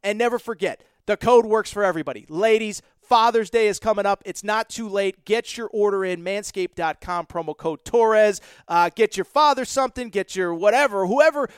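A man with a notably high, smooth voice runs a podcast and delivers the sponsor read with hyped, joking patter. The recording is dry and close. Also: moderate pace, few pauses, dry recording. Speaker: podcast host.

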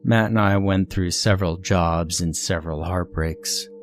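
Deep-voiced male narrator, somber and steady, reading a horror story over soft music. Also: a little slow. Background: faint music.

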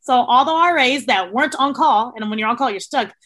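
A woman from South Texas chatting as a podcast guest, with a fairly high voice. She tells lively stories, swears freely and acts out the people she quotes. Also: a little fast, slight background noise. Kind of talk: casual chat.

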